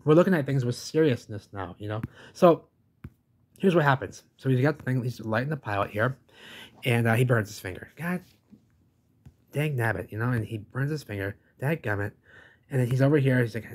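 A man giving excitable, casual commentary over a video, repeating phrases, asking rhetorical questions and swearing freely. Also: mid-range voice, a little fast.

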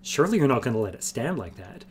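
A man's voice: medium pitch, expressive, fast talker, slight background noise, lightly acted. A man reading aloud and voicing an impulsive, polite young nobleman who speaks in eager, earnest declarations. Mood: fervent.

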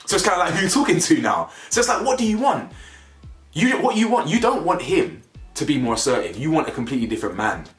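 A man's voice: on the high side, lively intonation, fast, a bit bright. A man giving blunt, slangy commentary on a reality show, repeating himself for emphasis. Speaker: reality TV reviewer. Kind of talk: casual opinionated commentary. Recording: echoey room with faint music.

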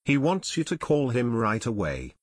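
A man's voice: mid-range voice, wildly swooping pitch, normal speed, husky, no echo. A male narrator voicing a friendly airport worker in an audiobook, helpful and direct. Dry, close sound.

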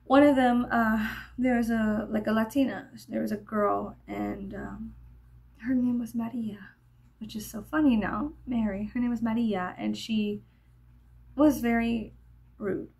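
A woman rambles through a get-ready-with-me story, pausing on fillers and slipping into whispers. Her voice sits a little high, with a gravelly fry running through it. She speaks in the loose, meandering way of a vlogger. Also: steady tone. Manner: meandering, many fillers, drops into soft whispers.

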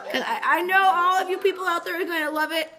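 A woman giving foul-mouthed, mocking commentary over gameplay and breaking into yells. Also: very high voice, steady tone, fast, background noise. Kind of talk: profane ranting game commentary. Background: game music.

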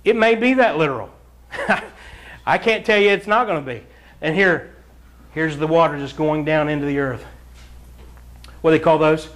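A man preaching a verse-by-verse Bible sermon, urging his listeners to read along and telling animated stories with frequent chuckles. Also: fairly high pitch, moderate pace, long pauses. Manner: animated storyteller, acts out scenes and chuckles often; addresses the congregation directly, urging them to read along. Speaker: pastor.

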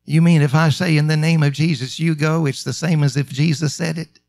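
A male pastor with a high, light voice delivers a sermon. He stretches key phrases out slowly and lifts them into emphatic calls, then drops back to a quieter, confiding tone. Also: fairly even intonation, gravelly. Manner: emphatic preaching, drawn-out slow phrases and rising calls.

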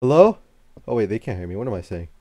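Racing along in a low, warm voice with no room sound, this young YouTuber plays a horror game and narrates nervously. Fright sends him into swearing, yelping, and muttering to himself.

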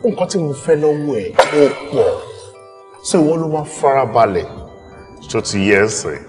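A middle-aged man with a Nigerian accent playing a fond, playful father and husband. He teases warmly and moves between English and Yoruba. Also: mid-range voice, big pitch swings, fairly quick, soft background music, close to an everyday voice. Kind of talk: film dialogue. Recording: echoey room.

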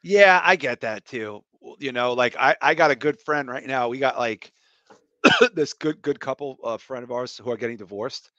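Rambling podcast host, dull dry mic. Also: male voice, mid-range voice, normal speed, sharp tone, no echo. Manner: loose, profane, rambling with fillers. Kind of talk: casual podcast chat.

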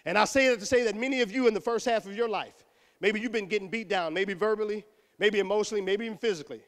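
A middle-aged man from Texas giving an animated motivational talk to students, acting out voices and shouting punchlines. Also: high voice, fast talker. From Houston, Texas. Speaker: motivational speaker. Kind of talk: energetic motivational speech to students. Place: school auditorium. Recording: echoey hall.

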